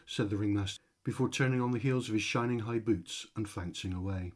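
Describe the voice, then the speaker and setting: A man's voice: fairly low pitch, steady tone, fairly quick, few pauses. A man reading his own short comic story aloud, with a dry, wry delivery. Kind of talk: storytelling narration.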